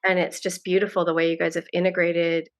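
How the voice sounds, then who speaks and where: A woman's voice: fairly low pitch, little pitch movement, quick pace. A woman guest on a podcast, talking in a casual, effusive way with many restarts. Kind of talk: casual interview chat.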